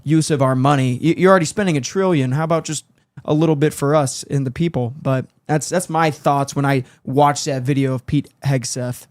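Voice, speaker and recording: A man's voice: medium pitch, fairly quick, no echo. A young man co-hosting a casual talk show, blunt and emphatic, wearing headphones at a studio mic. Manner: blunt, emphatic, laughs easily. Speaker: podcast co-host.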